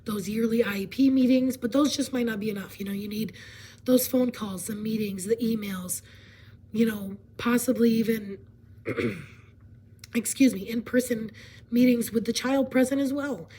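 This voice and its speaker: A woman hoarse from laryngitis, partly whispering as she explains a presentation in a casual way, with fillers and frequent throat clearing. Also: fairly high pitch, moderate pace, mellow, slight background noise, low-quality recording.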